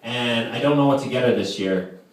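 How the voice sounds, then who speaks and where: A man's voice: mid-range voice, fairly quick. A man in his twenties doing live stand-up comedy for a camp crowd, rambling with lots of "like" fillers. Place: camp hall with live audience. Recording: echoey distant room with noise.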